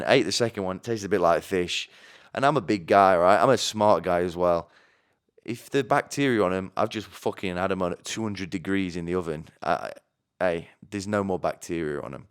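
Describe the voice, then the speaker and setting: A man's voice: low-pitched, smooth. A young man from Sheffield with a light Yorkshire accent, telling wry, self-mocking comic stories to viewers. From Sheffield, England. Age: young adult. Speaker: podcast host. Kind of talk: comic monologue.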